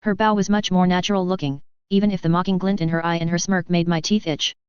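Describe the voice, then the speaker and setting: A woman narrating a story in the first person with an even, measured delivery, in a dull, dry lo-fi recording. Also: on the low side, clear, resonant tone, dry recording. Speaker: audiobook reader.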